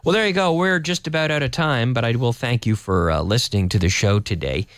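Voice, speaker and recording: A man's voice: mid-range voice, expressive, a little fast, a bit bright, clean tone, no room sound, clean studio sound. A Canadian man with a Canadian English accent, an English teacher on a radio show, explaining casually and rambling a little while spelling words out letter by letter. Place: radio studio.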